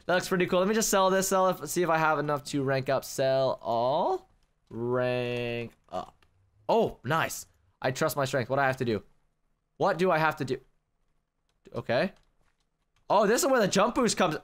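Young male gaming host, smooth voice, slightly high, casual play-by-play that tips into frustration. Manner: excitable, quick to rage, addresses viewers as guys. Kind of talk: casual gameplay commentary. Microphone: desk microphone.

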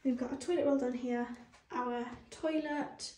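A woman's voice: high-pitched, steady tone, measured pace, dark tone, a little hiss or hum. A young British woman in her twenties, talking casually to her phone camera at home in a bathroom, in a chatty, gushing way. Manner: chatty, gushing, easily moved. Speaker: vlogger. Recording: echoey small tiled room.

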